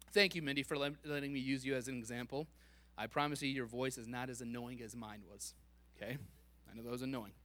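A man giving a playful, animated sermon, joking with the congregation and laughing at himself. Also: medium pitch, no room sound. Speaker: preacher.

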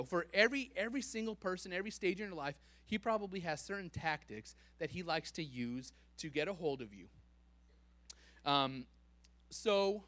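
A man giving a playful, animated sermon, joking with the congregation and laughing at himself. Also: a little high, no room sound. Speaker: preacher.

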